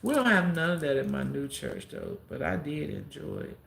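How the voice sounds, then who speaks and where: A woman chatting on a live stream with a deeply gravelly, creaky voice that swings up and down as she acts out what people said. Her room sounds echoey, with faint ambience behind her. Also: normal speed, slight background noise. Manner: animated storyteller who acts out quotes and gives heartfelt advice. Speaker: live streamer and content creator. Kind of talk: casual live-stream storytelling. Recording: roomy echo with faint background ambience.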